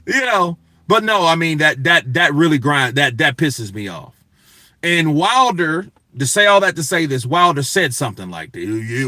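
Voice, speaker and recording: A man's voice: fairly high pitch, sharp tone, no echo. A man hosting a boxing news show, talking in a casual, profane, emphatic rant to his viewers. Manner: profane, emphatic, talks to chat.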